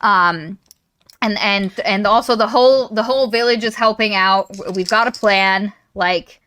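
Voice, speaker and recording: Brief: woman podcast co-host, sharp bright tone, eager interjections, casual chat. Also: medium pitch, a little slow. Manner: eager, jumps in with added story details. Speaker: book club podcast co-host. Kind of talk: casual book discussion.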